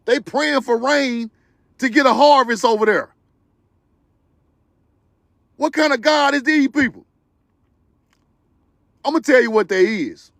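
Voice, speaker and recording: A man hosting a livestream, talking straight to his viewers in an animated, preachy, joking way with loud bursts of laughter. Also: extremely high pitch, slow pace, creaky, long pauses, no room sound. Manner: talks to viewers directly. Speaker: livestream host. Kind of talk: excited livestream commentary.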